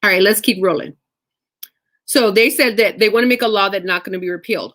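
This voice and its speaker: A woman teaching scripture in a casual, animated way, reading verses and acting out the speakers with conversational asides. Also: mid-range voice, fairly quick. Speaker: Bible study teacher.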